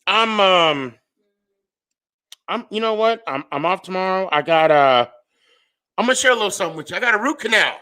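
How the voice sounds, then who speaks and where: A man's voice: high voice, expressive, a little fast, pauses often, bright, forceful tone. A man hosting a live stream, chatting casually, reading viewer comments and rambling through jokes. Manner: rambling, joking, self-interrupting.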